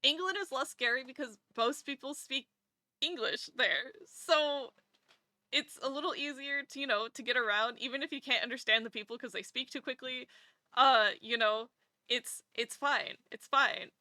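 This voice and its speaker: A woman streamer chatting casually while drawing, animated, laughing often and swearing casually. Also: sits high, normal speed, dry recording, clean studio sound.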